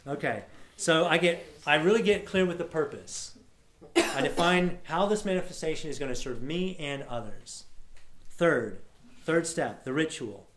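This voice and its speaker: A man giving an energetic, casual storytelling talk to a live audience at an event. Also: on the high side, measured pace. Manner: energetic, casual, swears now and then. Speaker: workshop speaker. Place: large room at a live event. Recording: echoey room sound.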